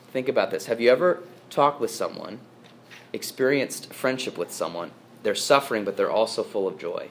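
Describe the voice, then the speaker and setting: Earnest priest preaching with emphatic rises. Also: male voice, fairly low pitch, slight background noise. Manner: earnest, emphatic preaching with frequent fillers and restarts. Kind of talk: sermon.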